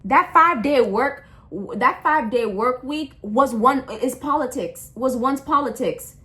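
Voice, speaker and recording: A woman's voice: high-pitched, unhurried, sharp tone. A young adult woman in a blunt, impassioned rant, slangy and full of repeats and restarts. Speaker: vlogger. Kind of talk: casual ranting monologue.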